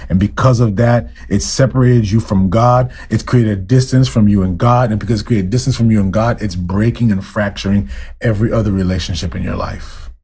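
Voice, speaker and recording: Pastor guy preaching, kinda husky, warm low tone, rants a bit and fires off questions at everyone. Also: brisk. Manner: fervent preaching with repeated rhetorical questions; admits to ranting, addresses listeners directly. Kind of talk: sermon.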